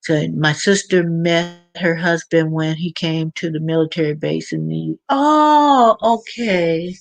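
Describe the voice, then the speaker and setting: A woman's voice: sits low, slow pace, gravelly. A middle-aged woman hosting her own channel, chatting casually and rambling with many restarts. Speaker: channel host. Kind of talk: casual livestream chat.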